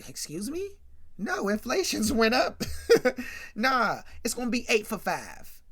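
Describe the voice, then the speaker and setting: A man voicing a flashy, smooth-talking loan shark in a boastful, amused drawl while retelling a sitcom episode. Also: high voice, huge pitch swings, measured pace, fairly bright tone, voice pushed up, full character voice. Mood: mocking.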